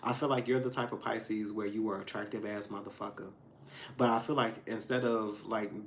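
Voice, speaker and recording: Emphatic man giving a tarot reading. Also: a little hiss or hum. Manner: emphatic, swings between loud outbursts and low asides; frank and profane, addressing viewers directly. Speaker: tarot reader. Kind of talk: casual spoken tarot reading.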